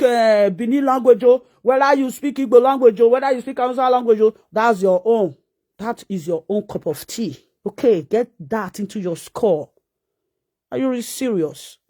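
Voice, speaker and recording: A Nigerian woman vlogger ranting and mocking someone with rapid rhetorical questions in a scolding manner. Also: fairly high pitch, a little mellow. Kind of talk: ranting live-stream commentary.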